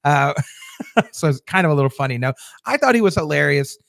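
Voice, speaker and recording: Chatty, rambling man with a higher voice. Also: lively intonation, a little fast, vocal fry, fairly bright tone, no echo, studio quality. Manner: rambling and chatty, with many fillers and restarts. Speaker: host of a TV episode recap show. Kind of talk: casual episode recap talking to viewers.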